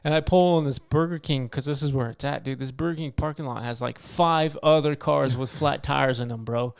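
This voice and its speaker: A man co-hosting a casual podcast, telling animated stories and saying "dude" and "bro" all the time. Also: medium pitch, a little fast, gravelly, smooth. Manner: animated storyteller, says "dude" and "bro" constantly. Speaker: podcast co-host. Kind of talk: casual chat.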